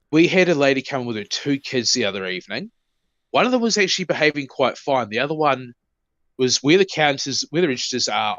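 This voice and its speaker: A man's voice: mid-range voice, a bit bright, no echo, dull audio. A man, co-hosting a podcast and telling profane stories in casual banter. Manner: profane storytelling. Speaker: podcast co-host. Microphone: podcast mic.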